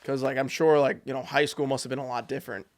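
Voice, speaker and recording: A man in his twenties, a high school teacher, chatting casually on a podcast and often restarting his words. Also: little pitch movement, fast. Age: 20s. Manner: stammering restarts, repeats words.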